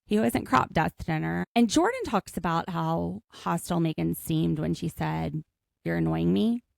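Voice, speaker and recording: A woman's voice: on the low side, creaky, no room sound, clean studio sound. A woman co-hosting a podcast, chatting casually and joking as she recaps a show. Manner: chatty, jokey, quick asides. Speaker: podcast co-host.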